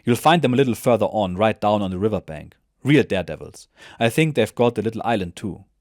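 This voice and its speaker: A man voicing a calm veteran soldier who speaks matter-of-factly with light mockery. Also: fairly low pitch, quick pace, no echo, studio quality, close to an everyday voice. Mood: wry.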